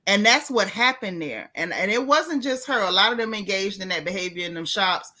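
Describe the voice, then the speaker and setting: Bright-voiced, emphatic woman host. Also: mid-range voice, brisk. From United States. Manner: animated, emphatic, sassy, with repeated restarts. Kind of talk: casual reality-TV gossip chat.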